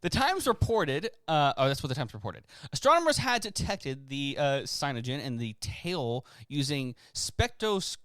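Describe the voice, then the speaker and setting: A man's voice: a little high, very animated, moderate pace, hardly any pauses, a bit bright, no echo. A man co-hosting a podcast who reads history articles aloud in casual chat and stumbles over long words. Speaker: podcast co-host.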